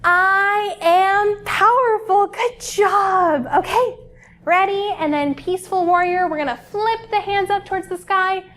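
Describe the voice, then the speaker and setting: A young woman leading preschoolers through yoga and calming exercises, speaking in a gentle, encouraging way. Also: very high-pitched. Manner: slow, soothing, encouraging. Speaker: children's librarian leading yoga.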